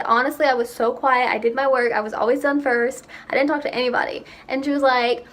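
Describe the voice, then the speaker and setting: A young woman telling stories about herself in a casual, chatty vlog, with quick asides. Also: a little high, fairly even intonation, a bit bright. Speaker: vlogger. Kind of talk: casual chat.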